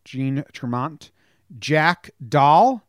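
A man hosting a casual sports podcast, upbeat and joking in fast banter with his co-host. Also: fairly high pitch, expressive, clean tone, dry recording, studio quality. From New Jersey.

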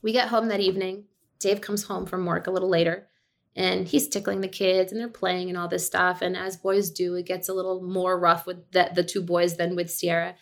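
This thirty-something actor and director, guesting on a podcast, recounts a family story in a casual chat with a low-leaning voice, vocal fry, and a moderate pace. Animated and quick to laugh, she performs the lines she quotes.

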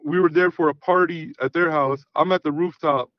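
Podcast guest, man, raunchy animated storyteller, slightly high voice, dull dry recording. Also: moderate pace, dry recording. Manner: profane, animated, acts out quoted dialogue. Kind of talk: casual storytelling.

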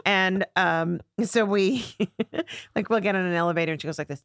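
A woman's voice: on the low side, normal speed, dry recording. A middle-aged woman comedian telling stories on a podcast, acting out the voices of the people she quotes. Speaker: comedian guest. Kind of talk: podcast storytelling chat.

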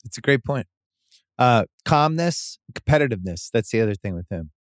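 A man's voice: mid-range voice, expressive, brisk. A man in his fifties hosts a podcast and speaks bluntly, swearing freely as he builds his point. The sound is dry and close, with no room echo. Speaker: podcast host. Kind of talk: casual interview chat.

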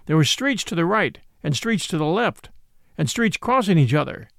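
A man's voice: a little high, normal speed, dry recording, studio quality. A man narrating a classic novel aloud as storybook narration, reading expressively and voicing every part. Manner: expressive reading, voices all parts.

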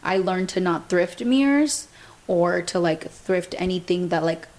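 A woman's voice: lowish voice, lively intonation, unhurried, a little mellow. A young adult woman hosting a podcast, telling a story in a casual, chatty way and filling her speech with "like". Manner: chatty, fills speech with "like", retells events through quoted dialogue. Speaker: podcast host.

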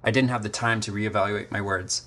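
A man reading a scripted first-person story, measured and literary, with short terse sentences. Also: fairly low pitch, steady tone, sharp tone. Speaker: story narrator. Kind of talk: scripted dramatic narration.

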